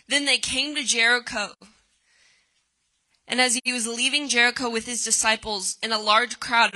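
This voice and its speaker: Bright-voiced woman preaching a sermon. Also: a little high, low-quality recording. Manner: reads scripture aloud, then retells it with dramatic cries.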